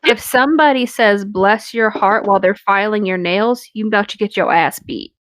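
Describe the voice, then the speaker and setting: A woman's voice: medium pitch, brisk, fairly bright tone, no room sound. A woman, reading a story aloud and bantering with crude jokes and frequent laughter. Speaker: story reader and co-host.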